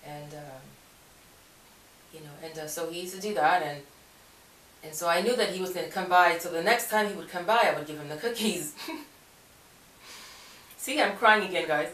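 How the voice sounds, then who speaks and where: Woman, casual storyteller, keeps correcting herself and laughing; lower voice; recorded roomy and from a distance. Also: fairly quick, long pauses, a bit bright. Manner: rambling, self-correcting, laughs often. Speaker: Christian video blogger. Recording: echoey room, voice far from mic.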